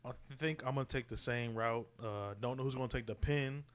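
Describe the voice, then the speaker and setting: A man chatting on a podcast with a smooth, resonant voice at an ordinary pitch. His talk is relaxed and full of slang, and he keeps checking in with "you know what I'm saying.". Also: a little fast. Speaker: podcast co-host. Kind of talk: casual wrestling predictions chat.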